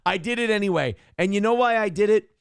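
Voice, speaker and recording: Gravelly high-voiced profane host. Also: male voice, fast, no echo, studio quality. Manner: profane, exasperated, rambling rants. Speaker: live-stream talk show host. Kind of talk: casual live-stream talk.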